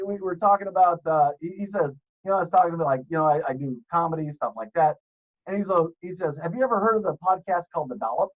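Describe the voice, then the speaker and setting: A man guesting on a podcast, telling profane stories in a deep, announcer-style voice. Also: dull audio. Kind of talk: casual podcast chat.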